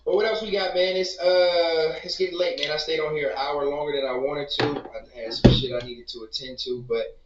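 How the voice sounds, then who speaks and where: A man's voice: fairly high pitch, fairly even intonation, a little fast, background noise. A man hosting a casual livestream, reacting to clips with laid-back, profane trash talk. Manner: laid-back, swears a lot, trash-talks. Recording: roomy, distant, dull stream audio.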